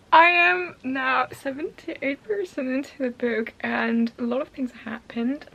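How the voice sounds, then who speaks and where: A woman's voice: fairly high pitch, gravelly. A woman book vlogger talking casually to camera, emotional, laughing often and dropping into whispers. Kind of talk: casual vlog diary.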